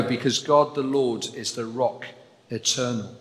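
Preacher in an echoing hall. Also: male voice, mid-range voice, unhurried. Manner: earnest, building to emphatic repetition. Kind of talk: sermon. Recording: echoey hall with long reverb.

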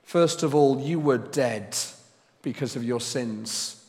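A man preaching a sermon as pastor, speaking slowly and deliberately and pressing hard on key words. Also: medium pitch, in a large hall. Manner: slow and deliberate, with loud emphatic stresses.

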